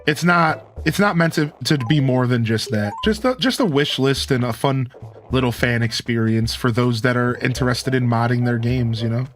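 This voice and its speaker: A man giving relaxed, rambling commentary while playing a video game, full of fillers. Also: mid-range voice, moderate pace, faint music behind. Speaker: game streamer. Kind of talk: casual gameplay commentary.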